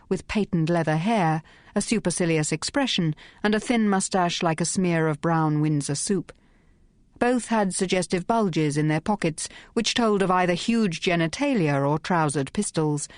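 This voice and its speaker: Crisp, wry woman reading an audiobook. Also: deep voice, no echo, clean studio sound. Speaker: audiobook narrator. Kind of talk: scripted narration.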